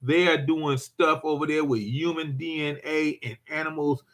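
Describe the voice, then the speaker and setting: Older man, prepper host, rambling folksy monologue, voice a bit high. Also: fairly even intonation, normal speed, few pauses, a bit bright. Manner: rambling, repeats himself, folksy storytelling. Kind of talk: casual monologue to viewers.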